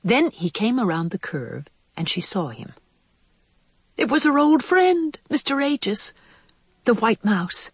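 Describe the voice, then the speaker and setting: A reader narrating a children's animal story in an expressive storytelling manner. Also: measured pace, slightly rough, no echo. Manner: expressive, varied pitch.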